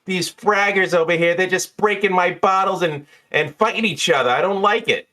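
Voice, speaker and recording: A man voicing a shrill, excitable female bartender who gushes and calls people honey and baby. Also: moderate pace. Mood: gushing.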